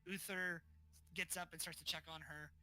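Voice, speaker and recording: A man's voice: a little high, level tone, normal speed, pushed and bright, rough recording. A man narrating as game master in a casual style, with many fillers.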